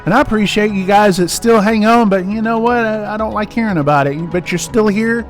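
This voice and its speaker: A high-pitched American man delivers a heated vlog rant, pressing each point again and again. His voice sits well above the usual male range. Soft music plays faintly underneath. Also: a little fast. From United States. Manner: passionate, emphatic, repeats himself for stress. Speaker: trucking channel host. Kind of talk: ranting vlog monologue.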